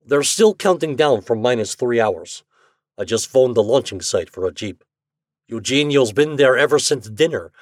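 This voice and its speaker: A man voicing an aging male Russian scientist with a put-on Russian accent, loud, high and jovial in manner. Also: animated, normal speed, no echo, clean studio sound, natural voice. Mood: amused.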